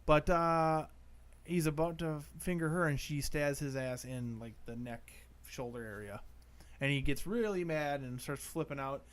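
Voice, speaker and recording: A man's voice: on the high side, unhurried. A man co-hosting a horror movie podcast, recapping the film in casual, rambling talk with frequent "like" and casual swearing. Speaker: podcast co-host. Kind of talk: casual movie review chat.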